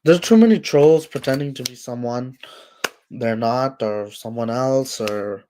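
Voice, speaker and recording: A man hosts a casual livestream and answers his chat at an unhurried, drawn-out pace. His talk is thick with fillers and restarts, and he keeps scolding trolls. It sounds like he is speaking into a home streaming mic. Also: medium pitch, mellow. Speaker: livestream host.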